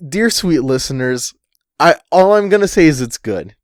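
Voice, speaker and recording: A man co-hosting a podcast in casual chat, a relaxed storyteller who swears casually. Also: on the high side, moderate pace, dry recording, studio quality. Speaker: podcast co-host.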